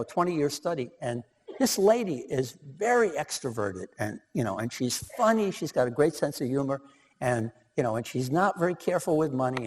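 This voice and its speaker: A man's voice: medium pitch, darkish tone. A man lecturing about relationship research in a casual way with many fillers, in a hall with long reverb. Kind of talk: lecture presentation.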